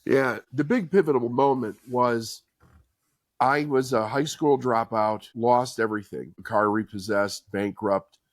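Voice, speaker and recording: A man's voice: mid-range voice, unhurried, no room sound, studio quality. A middle-aged man, a podcast guest, telling his life story in an earnest, candid, conversational way. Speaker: podcast guest, author and speaker. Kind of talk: personal storytelling in an interview.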